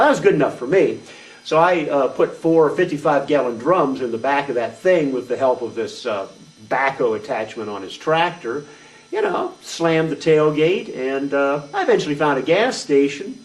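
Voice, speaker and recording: A man's voice: a little high, close to an everyday voice. A man doing a rambling redneck trucker. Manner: rambling, folksy, crude. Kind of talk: comedic character monologue. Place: small venue stage. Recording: distant mic at open mic.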